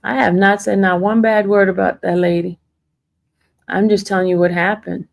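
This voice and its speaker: Defensive and quick to laugh, this woman hosts a casual livestream, addressing her viewers as y'all. Her creaky voice sits at medium pitch with little pitch movement and a moderate pace.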